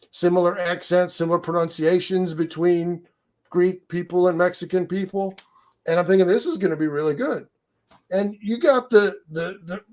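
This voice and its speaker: A man co-hosting a casual chat, rambling excitedly and restarting his sentences. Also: high voice. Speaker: co-host.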